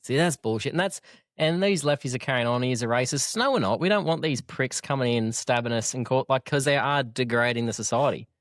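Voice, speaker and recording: A blunt man hosts a casual podcast chat at a quick clip. He swears freely, laughs a lot and rambles when he loses his thread. His voice sits in a dry, close sound. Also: medium pitch, no echo. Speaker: podcast host.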